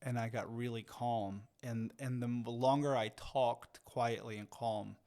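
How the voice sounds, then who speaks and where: Middle-aged male podcast co-host, average pitch; thoughtful storyteller who softens to a hush. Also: a little slow. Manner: reflective storyteller, drops to hushed, calm tones. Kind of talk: casual conversation.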